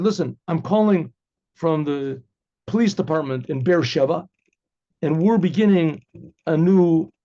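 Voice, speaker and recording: Rabbi telling a story, high mellow voice, acts out all the back and forth, muffled lo-fi sound. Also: male voice. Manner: retells a story in first person, acting out quoted dialogue with many "he says"; occasional throat clearing. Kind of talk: spoken storytelling. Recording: dull lo-fi recording.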